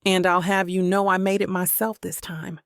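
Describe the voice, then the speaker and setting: A woman voicing a playful grown son with a wry, good-humored manner in an audiobook, her voice slightly gravelly. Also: lowish voice, little pitch movement, normal speed, no echo, clean studio sound, natural voice. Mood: teasing. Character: playful teasing man, family's grown son.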